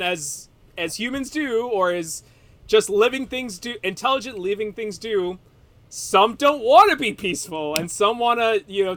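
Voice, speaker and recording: A man's voice: sits high, fairly bright tone. A man co-hosting a podcast, rambling casually through a recap, laughing and swearing freely. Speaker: podcast co-host.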